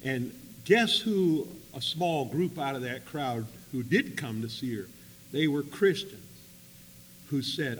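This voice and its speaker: A man telling a story in a sermon, swinging between loud emphatic bursts and quiet asides. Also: medium pitch, animated, slow. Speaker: preacher. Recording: long hall reverb with faint hum.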